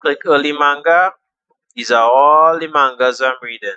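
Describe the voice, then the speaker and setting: A man's voice: on the high side, moderate pace, sharp tone, clear, resonant tone, no room sound, dull audio. A young man walking viewers through a phone app in a casual, chatty tutorial, repeating steps and trailing off with fillers. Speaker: tutorial host.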